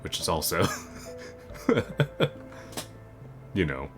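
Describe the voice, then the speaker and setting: This gaming creator talks very slowly in a low voice with big pitch swings, giving rambling commentary as he plays. Game music runs underneath, and his speech is loaded with fillers, restarts, and self-corrections.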